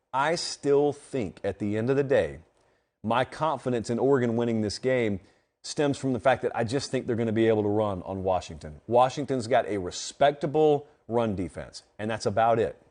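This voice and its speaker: A man hosting a live college football show, giving emphatic, animated analysis and repeating stats for effect. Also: medium pitch.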